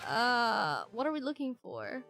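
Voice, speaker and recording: A sleepy, excitable woman streaming a game, chatting and giggling as she plays. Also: on the high side, a little slow, gravelly, soft background music. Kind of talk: casual live-stream commentary.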